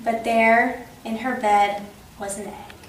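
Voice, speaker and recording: A woman hosting story time, reading a children's picture book aloud with expressive, lively storytelling. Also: fairly high pitch, slow. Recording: echoey room, distant mic, faint noise.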